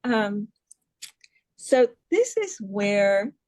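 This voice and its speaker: A woman's voice: medium pitch, big pitch swings, very slow, a little mellow, no room sound, low-quality recording. A woman from New York City leads a casual presentation. She talks in a chatty way and keeps asking her listeners questions. Her voice sounds dry and close. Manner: chatty, asks the audience questions, laughs at herself. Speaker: presenter on hearing loss advocacy.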